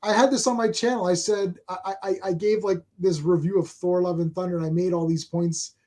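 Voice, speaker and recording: A man with a notably high voice co-hosts a relaxed chat, wandering from point to point with dry sarcasm and plenty of restarts. He is from Canada and talks like he is hanging out with a friend. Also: brisk. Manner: rambling, sarcastic, repeats himself. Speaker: co-host. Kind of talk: casual chat.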